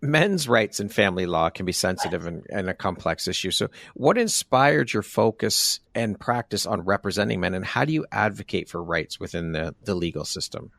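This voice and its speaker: A man's voice: sits low, lively intonation, moderate pace, gravelly, hardly any pauses, a bit bright. A man hosting a podcast, asking questions and reacting with short replies and easy laughter. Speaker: podcast host. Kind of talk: casual interview.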